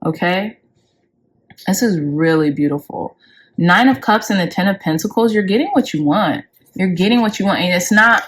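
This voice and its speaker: In a pick-a-card tarot reading, a woman gushes with emotion, her pitch leaping upward on key words as she swears casually.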